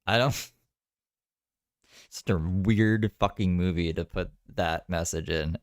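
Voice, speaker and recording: A man's voice: low voice, slow pace, dry recording, clean studio sound. A man streaming live and reacting to videos in casual, mocking commentary, swearing freely.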